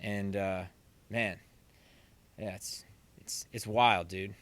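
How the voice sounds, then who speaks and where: A young man, a percussion teacher, chatting as a podcast guest and lively acting out what others said. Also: lowish voice, slow pace. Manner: animated storyteller who acts out quotes. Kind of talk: casual podcast chat.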